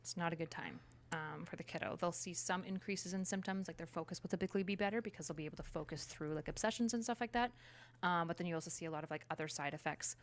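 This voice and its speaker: Casting: woman, fairly low voice, chatty and explanatory in casual talk. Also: fast, a little hiss or hum. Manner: chatty, explains with many fillers. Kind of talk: casual conversation.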